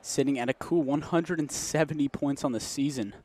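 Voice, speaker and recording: A student sports commentator, a young man with a slightly high voice, talks fairly quickly over a loud crowd. Into a close mic he gives casual, joking play-by-play of a college basketball game, laughing often and a bit out of breath.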